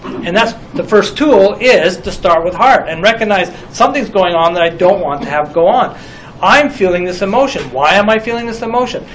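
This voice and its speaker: A middle-aged man with a high voice teaches about group communication. He talks in a reflective way and asks many rhetorical questions. A faint hiss sits under the recording. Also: expressive, normal speed, a bit bright, low-quality recording.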